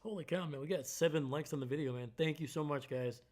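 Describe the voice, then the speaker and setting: A man's voice: fairly high pitch, fast talker. A young man casually talking over a football game on a live stream, ending nearly every sentence with "man". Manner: relaxed, says "man" after most lines.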